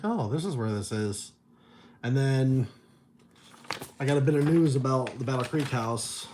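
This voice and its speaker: A man's voice: medium pitch, a little hiss or hum. A middle-aged man chatting casually on a livestream, telling stories and reading viewer messages, loose and profane, chuckling often. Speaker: vlogger reading viewer chat.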